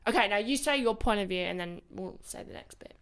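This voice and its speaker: Casual young woman co-host, mid-pitched. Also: expressive, fairly quick, a bit bright. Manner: casual, swears, says "like" a lot. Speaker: podcast co-host. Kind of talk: casual chat.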